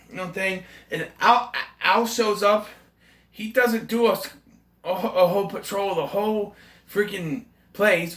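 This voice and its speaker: A man's voice: a little high, pushed and bright, echoey room. A man giving a casual, rambling, enthusiastic movie review, often correcting himself mid-sentence. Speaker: film reviewer.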